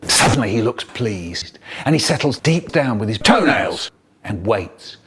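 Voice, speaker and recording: A man telling a comic story about his childhood in a lively, vivid way. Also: on the low side, unhurried, husky. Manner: lively, vivid storyteller who acts out the scenes. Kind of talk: comic childhood storytelling, chopped by remix edits.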